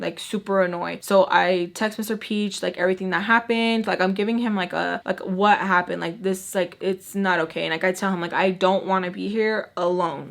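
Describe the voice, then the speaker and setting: A woman's voice: medium pitch, fairly bright tone. A woman vlogger chatting casually through a personal storytime, full of "like" and talking to her viewers as y'all.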